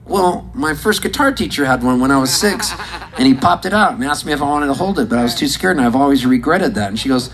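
A man performing live, telling a rambling, deadpan story to an audience and breaking into laughs now and then. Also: medium pitch, quick pace, low-quality recording. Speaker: musician and comedian on stage. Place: stage at a live show. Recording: live recording with loud crowd. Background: audience laughing, guitar.

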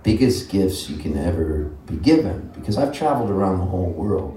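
A Canadian-born singer-songwriter chatting and telling jokes to a live audience between songs. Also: male voice, low-pitched, animated, a little fast, hardly any pauses, mellow, slight background noise. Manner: joking, chatty storyteller. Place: live music venue. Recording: roomy live room, distant mic, guitar under speech.

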